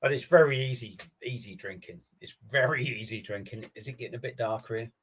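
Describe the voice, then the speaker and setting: A man hosts a relaxed live stream, talking off the cuff to viewers. His delivery is rambling and matey, with easy swearing thrown in. His voice sits at an ordinary middle pitch. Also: a little fast, background noise. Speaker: beer review streamer. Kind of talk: casual live-stream chat.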